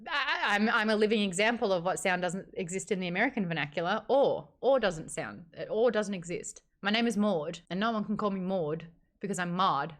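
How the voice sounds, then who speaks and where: A woman with an Australian accent hosting a casual live-stream chat, playful and quick to laugh. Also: mid-range voice, animated. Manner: playful, laughs often, jumps between topics. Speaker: host.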